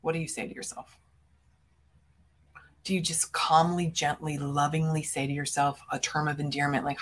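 A woman's voice: low-pitched, normal speed. Direct, emphatic middle-aged woman coach. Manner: direct, emphatic, swears casually. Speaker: business coach and podcast host. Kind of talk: motivational podcast monologue.

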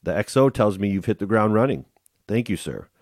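A man reading aloud the lines of a friendly, brisk middle-aged navy commander in a matter-of-fact, upbeat way. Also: fairly low pitch, expressive, a little mellow, no echo, clean studio sound.

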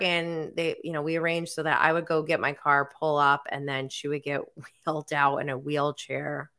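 A woman's voice: low-pitched, little pitch movement, normal speed, a bit bright. A woman in her forties telling a story to camera in a casual, chatty way, filling her sentences with "like". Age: 40s. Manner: chatty, filler-heavy storytelling with frequent "like". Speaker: mom vlogger. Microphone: camera mic.

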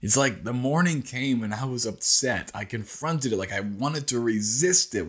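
A man's voice: mid-range voice, slightly rough. Earnest man hosting a morning devotional. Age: middle-aged. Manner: earnest, speeds up and slows down, rises when acting out a cry. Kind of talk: casual devotional Bible teaching.

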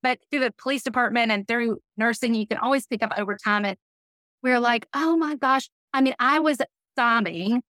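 A woman's voice: fairly high pitch, brisk, a bit bright, no echo. A middle-aged woman, a podcast guest, telling a personal story earnestly and with feeling, laughing now and then. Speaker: podcast guest, business leader.

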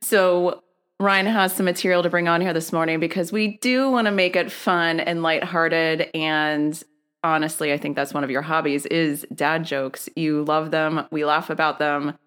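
A woman's voice: low voice, fairly even intonation, normal speed, fairly bright tone, clear, resonant tone. A woman hosting a casual podcast with her husband, cheerful and laughing often. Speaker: podcast host.

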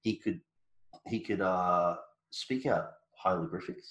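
A deep-voiced Australian man co-hosting a podcast in a relaxed, joking way, trailing off and restarting his sentences. His voice rings a little, as if the room has bare walls. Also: slow pace, reverberant, poor audio. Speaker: podcast co-host. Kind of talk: casual chat.

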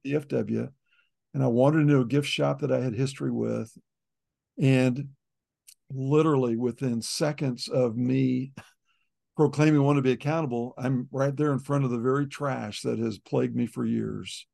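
A middle-aged man shares a personal testimony in an interview, earnest and plain-spoken. His voice is deeply gravelly and husky, with a dark, low-lit tone. He circles back and repeats words as he works through hard memories. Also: fairly even intonation, moderate pace. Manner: earnest storytelling, repeats words when emotional. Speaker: ministry leader, guest.

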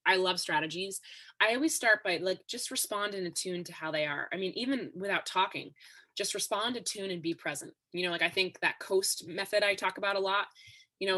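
A woman guest on a podcast interview, explaining ideas in a steady, instructive way. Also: on the low side. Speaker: expert guest.

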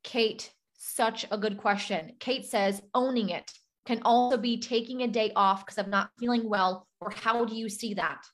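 A woman's voice: fairly high pitch, fairly even intonation, normal speed. A woman hosting a motivational coaching talk, emphatic and full of rhetorical questions, acting out doubting inner voices. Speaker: podcast host and business coach.

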